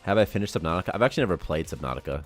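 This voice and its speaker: A young man chats away on a casual development livestream, talking fast in a low voice. He rambles and laughs a lot, with quiet music playing underneath. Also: expressive. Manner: rambling, quick, chatty, laughs often. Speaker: programmer and stream host. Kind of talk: casual game dev livestream chat.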